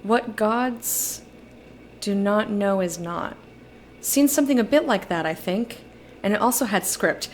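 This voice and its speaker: A young woman streamer gives unhurried, casual commentary on a video game in a mid-range voice, over a little hiss or hum. Between her own thoughts, she reads the game's lines aloud.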